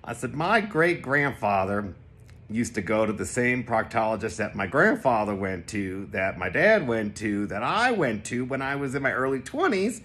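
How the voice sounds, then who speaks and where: A man casually telling a personal anecdote to the camera, animated and jumping into high voices when he quotes people. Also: moderate pace. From Connecticut. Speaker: vlogger telling a personal story.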